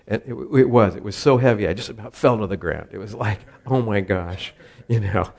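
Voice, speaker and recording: A man's voice: on the low side, vocal fry, a little mellow. A man, telling a rambling personal story in a casual way, often chuckling. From Southern California. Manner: rambling, chuckles often, many fillers and restarts.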